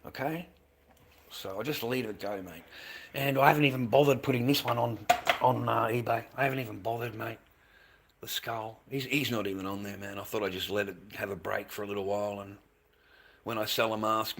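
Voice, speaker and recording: Bright-voiced rambling Australian man. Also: lowish voice, fairly even intonation, a little fast, creaky. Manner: rambling, repeats himself, calls viewers mate and man, swears. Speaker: livestreamer selling handmade masks. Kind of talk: casual livestream chat.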